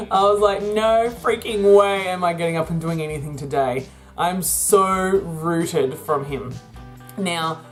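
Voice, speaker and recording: Chatty woman vlogger. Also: lowish voice. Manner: rambling and chatty, laughs often. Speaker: vlogger and virtual assistant business owner. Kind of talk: casual chatty vlog.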